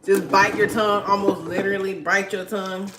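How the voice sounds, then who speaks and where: A woman's voice: medium pitch, flat delivery, fairly quick. A woman, chatting casually on a livestream, laughing often and reading viewer comments aloud. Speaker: livestream host. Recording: clicking noise in background.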